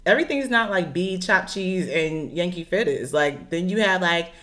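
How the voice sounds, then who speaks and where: A young woman from Chicago co-hosting a casual podcast chat, chatty and quick to laugh as she tells stories. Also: lowish voice, animated, fairly bright tone. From Chicago, USA. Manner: chatty, laughs often, storytelling.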